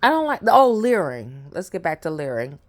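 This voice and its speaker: A woman vlogger tells her viewers a personal story directly, chatty and often laughing, full of fillers and asides. Her voice is low-pitched with big pitch swings, at a moderate pace.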